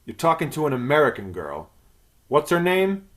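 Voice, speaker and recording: A man's voice: a little high, sing-song, moderate pace, fairly bright tone. A male podcast host recapping a film in casual chat, crude and rambling, swearing often and laughing.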